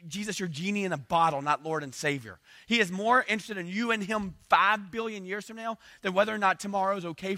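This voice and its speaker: Male pastor, fast and forceful, animated with acted-out voices, dry sound. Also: sits high, dry recording. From South Georgia. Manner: animated, playful asides, acts out little voices. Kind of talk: sermon.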